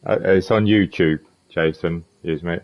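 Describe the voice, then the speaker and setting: A man's voice: low-pitched, steady tone, normal speed, highs cut off. A man, a streamer chatting casually and repeating himself while he plays. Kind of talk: casual chat while gaming.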